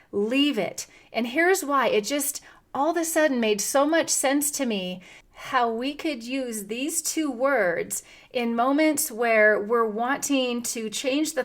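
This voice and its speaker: Woman, wellness podcast host, earnest and encouraging, slightly high voice.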